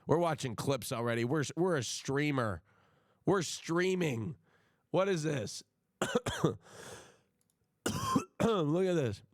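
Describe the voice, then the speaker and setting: A man's voice: fairly high pitch, takes it slowly, pauses often, no room sound, studio quality. A man livestreaming in casual chat, swearing a lot and swinging into mock outrage, at his home stream setup. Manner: profane, excitable, mock-outraged.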